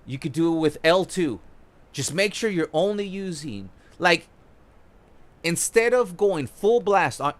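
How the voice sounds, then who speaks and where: A young man with a fairly high voice talks through a football video game tutorial as he plays. He is casual and excited, pointing out moves on screen and swearing now and then. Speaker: gaming YouTuber. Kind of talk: casual gameplay tutorial commentary.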